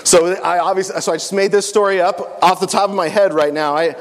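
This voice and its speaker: A man's voice: sits high, brisk. Playful man telling a story in an echoey hall. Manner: animated, joking asides. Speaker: speaker at a family camp.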